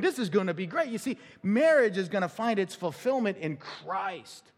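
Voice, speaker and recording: Animated man preaching in a reverberant hall. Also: sits high, normal speed, few pauses. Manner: animated, conversational preaching with acted-out quotes and laughs. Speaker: pastor. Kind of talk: sermon. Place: church sanctuary. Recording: long church hall reverb.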